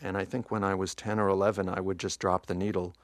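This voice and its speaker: A man from New Jersey, a guest musician talking casually in an interview, soft-spoken with hesitant restarts. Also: deep voice, flat delivery, fast talker, no room sound, studio quality. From Montclair, New Jersey.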